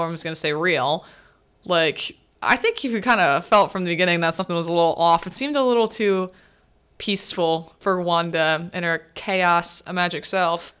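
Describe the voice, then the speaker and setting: A woman hosting a podcast, chatting casually through a movie recap, full of "like" fillers and quick asides. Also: a bit bright, clean tone. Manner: acts out characters' lines with pitch swings. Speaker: podcast host.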